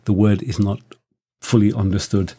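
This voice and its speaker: A man's voice: lowish voice, flat delivery, normal speed, warm tone, husky. Friendly man co-hosting a language lesson. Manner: friendly, asks questions, practices phrases as a learner. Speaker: co-host, learner.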